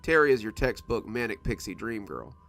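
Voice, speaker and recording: Male narrator, horror story reading, very gravelly voice, lively pitch. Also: brisk. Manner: expressive storytelling.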